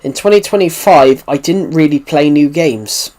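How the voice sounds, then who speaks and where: Rambling British man, slightly high voice. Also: moderate pace, darkish tone. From United Kingdom. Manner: rambling, circles back and repeats himself. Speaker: livestreamer answering chat. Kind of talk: casual live-stream chat.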